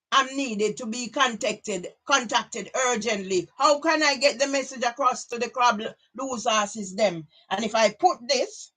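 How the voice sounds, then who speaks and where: A woman's voice: a little high, bright, forceful tone. A middle-aged woman from Jamaica with a Jamaican accent, delivering a rambling personal monologue and sliding between English and patois. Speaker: vlogger.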